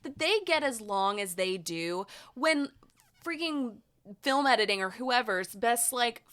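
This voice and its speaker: A woman's voice: fairly high pitch, lively intonation, a little slow, fairly bright tone. A young woman co-hosting a podcast in casual chat, opinionated and chatty, restarting often. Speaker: podcast co-host.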